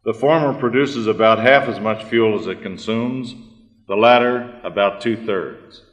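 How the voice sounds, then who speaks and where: A man giving a prepared conference talk, measured and deliberate, with fillers and throat clearing. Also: on the low side. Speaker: conference speaker. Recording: reverberant hall, archive recording.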